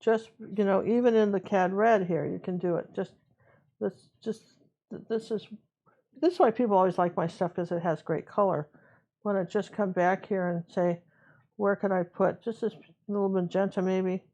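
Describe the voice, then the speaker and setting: A woman's voice: medium pitch, moderate pace. A woman teaching a live painting lesson, chatting casually and thinking aloud as she works, with a slightly dull recording. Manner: relaxed, chatty, talks to herself while working. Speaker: painting instructor.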